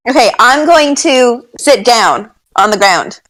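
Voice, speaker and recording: Excitable woman player, slightly high voice. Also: no room sound, low-quality recording. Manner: excitable, giggly, eager. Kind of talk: tabletop role-play.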